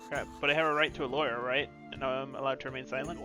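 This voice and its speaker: A man's voice: mid-range voice, fairly even intonation, fast talker, few pauses, over music. A man reading game dialogue aloud for a stream, doing every character in his own voice.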